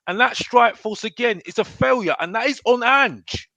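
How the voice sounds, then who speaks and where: A man's voice: extremely high pitch, moderate pace, pushed and bright, no echo, dull audio. A man hosting a live football fan chat, ranting heatedly and stumbling over restarts as he vents. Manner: fired-up ranting with many restarts. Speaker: host.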